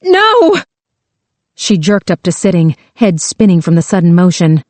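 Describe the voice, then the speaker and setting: A woman narrating a thriller audiobook with a slow, tense delivery. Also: lowish voice, steady tone, warm tone, no echo.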